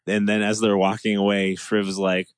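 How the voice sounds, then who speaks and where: Man, very low voice, enthusiastic, rambling podcast chat, dry close sound. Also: monotone, moderate pace, smooth, no room sound. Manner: enthusiastic, rambling with restarts and laughs. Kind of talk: casual chat.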